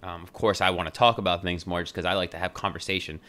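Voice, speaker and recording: A man's voice: sits low, fairly even intonation, quick pace, pushed and bright. A young adult man hosting a podcast, talking in a loose, jokey way and swearing freely. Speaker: podcast host. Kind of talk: casual podcast monologue.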